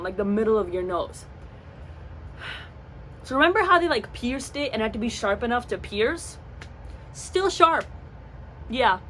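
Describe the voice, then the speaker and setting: Young woman, storytime vlogger, animated, acts out voices, highish voice, faint background noise. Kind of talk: storytime vlog.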